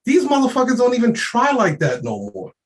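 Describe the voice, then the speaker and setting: A man's voice: extremely high pitch, wildly swooping pitch, brisk. A man giving an unscripted motivational rant, streetwise, profane and emphatic, often laughing. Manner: streetwise slang. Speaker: motivational speaker.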